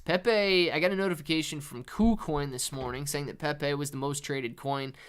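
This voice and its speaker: A man's voice: a little high, fairly even intonation, normal speed, smooth. A man hosting a casual livestream about markets, chatty, calling viewers dude and man. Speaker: livestream host. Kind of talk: casual live market commentary.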